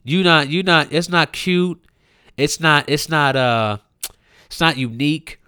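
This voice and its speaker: A young man ranting profanely in a comedic way, mocking and heated, jumping between loud outbursts and muttered asides. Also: on the high side, unhurried, smooth, dry recording, clean studio sound. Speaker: commentator.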